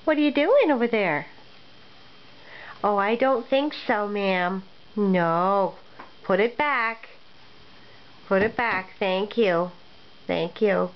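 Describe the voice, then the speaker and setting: A mother in a casual home video, gently coaxing her toddler with short repeated phrases in a sing-song voice. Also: mid-range voice, takes it slowly, long pauses. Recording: dull lo-fi home recording, faint room noise.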